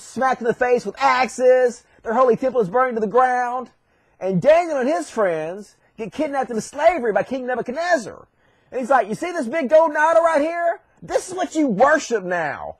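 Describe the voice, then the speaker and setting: Profane sarcastic man, very high voice. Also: no room sound. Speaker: online commentator. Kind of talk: comedic sarcastic recap.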